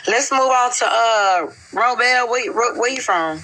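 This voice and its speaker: A woman hosting a live stream debate who speaks bluntly and forcefully and swears. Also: a little high, a little slow, rough recording.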